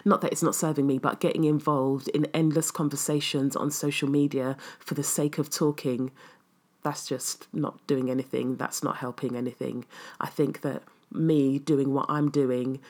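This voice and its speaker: A woman's voice: extremely low pitch, flat delivery, moderate pace, a little mellow. A woman wellness coach answering viewer questions in a casual, reflective and earnest way, with frequent ums. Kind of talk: casual live Q&A.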